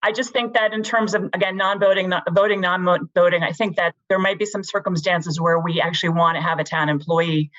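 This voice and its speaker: A woman giving a prepared public comment on a video call, talking quickly and eagerly, correcting herself as she goes. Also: on the low side, steady tone, fairly bright tone. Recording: dull lo-fi call audio.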